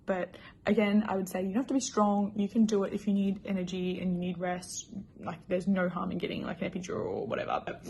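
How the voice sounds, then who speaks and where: A woman's voice: mid-range voice, steady tone, quick pace, creaky, darkish tone, a little hiss or hum. A young woman casually telling her personal story in a chatty, emotional way, full of fillers. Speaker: new mother.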